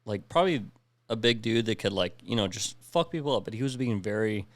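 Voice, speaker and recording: A man's voice: fairly low pitch, animated, brisk, no room sound. A young man on a podcast telling a war story in casual, profane speech, acting out the dialogue. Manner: profane, recounts with quoted dialogue. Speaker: podcast co-host, veteran.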